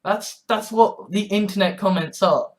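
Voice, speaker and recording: A man in his twenties in a rambling vlog monologue, halting and sardonic, with many restarts. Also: high voice. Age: 20s. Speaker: vlogger.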